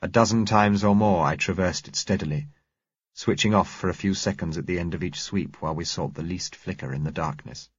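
Man, very deep voice, husky, measured audiobook narration, dry dull recording. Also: no room sound. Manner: measured, steady reading. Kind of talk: scripted first-person narration.

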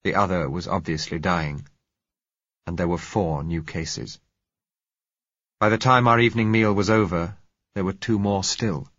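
A man narrating a novel in the first person, measured and reflective. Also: low-pitched, steady tone, fairly bright tone, no room sound, muffled recording. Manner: measured, reflective, rising in heated dialogue. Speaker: audiobook narrator.

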